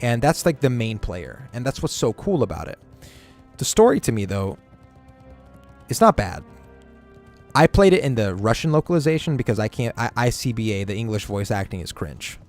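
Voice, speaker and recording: A young man streaming and chatting casually about a game, excited and profane, with frequent restarts. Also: medium pitch, normal speed, soft background music. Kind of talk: casual gaming chat.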